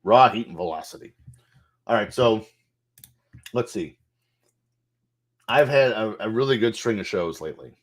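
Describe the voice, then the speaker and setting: A man with a somewhat low voice talks through a game's menus in a loose, off-the-cuff way, swearing now and then. He thinks aloud as he clicks around, and keyboard clicks can be heard behind him. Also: lively intonation, a little slow, pauses often. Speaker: gameplay streamer. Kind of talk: casual game walkthrough commentary.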